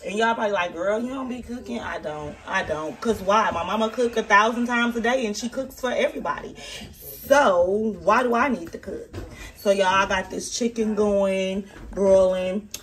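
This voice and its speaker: A woman chats her way through a home-kitchen cooking vlog, holding the phone while she cooks. She talks straight to her viewers in a loose, easygoing way and swears without a second thought. Her voice sits at an average pitch. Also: normal speed. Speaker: cooking vlogger filling in for her mother. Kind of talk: casual cooking vlog chat. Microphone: handheld phone.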